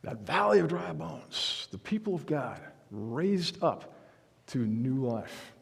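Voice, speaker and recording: A man's voice: a little high, lively intonation, slow, creaky, breathy edge. Earnest preaching man in an echoing sanctuary. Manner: earnest, emphatic preaching with frequent restarts. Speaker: pastor. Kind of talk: sermon. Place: church sanctuary.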